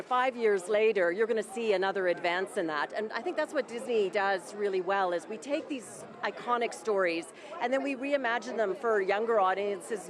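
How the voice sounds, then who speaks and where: A woman executive interviewed live at a red carpet event, speaking in an upbeat, polished way. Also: mid-range voice. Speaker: company executive. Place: outdoor red carpet event at a shopping centre. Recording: lively crowd around.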